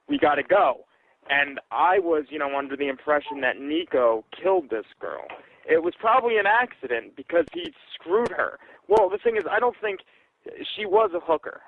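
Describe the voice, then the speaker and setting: A man's voice: mid-range voice, gravelly. A man co-hosting a podcast in casual chat, bantering bluntly and crudely. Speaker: podcast co-host. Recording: tinny phone-like sound.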